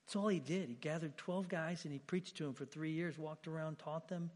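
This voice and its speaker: A man's voice: a little high, a little fast. Emphatic male preacher in a reverberant hall. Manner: emphatic, repeats words, swings between loud and quiet. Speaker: pastor. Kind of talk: sermon.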